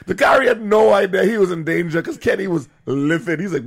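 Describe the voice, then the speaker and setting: A man co-hosting a podcast in casual chat, an animated storyteller who laughs often and acts out quotes. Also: sits high, brisk, vocal fry. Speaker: podcast co-host.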